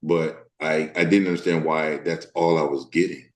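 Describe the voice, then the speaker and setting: A man from the Deep South of the US, an actor speaking candidly as an interview guest, thoughtful and halting with many fillers. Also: fairly even intonation, reverberant.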